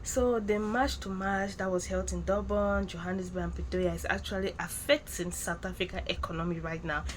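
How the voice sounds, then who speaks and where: A woman hosting a casual commentary vlog, animated and teasing. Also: mid-range voice, slight background noise. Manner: animated, teasing, laughs at own jokes. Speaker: YouTube commentator.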